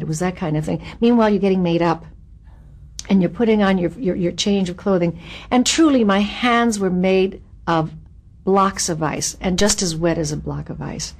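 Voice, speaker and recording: Older actress telling lively backstage stories. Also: female voice, on the low side, moderate pace. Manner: animated and self-mocking, laughs at her own stories. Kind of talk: anecdotal interview storytelling.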